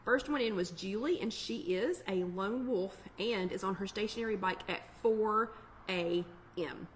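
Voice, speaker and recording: A woman's voice: mid-range voice, normal speed, a little hiss or hum. A middle-aged woman, hosting a casual live online chat in a chatty, upbeat way with plenty of fillers. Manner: chatty, upbeat, warm Southern-flavored asides with lots of fillers. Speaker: online weight-loss chat host.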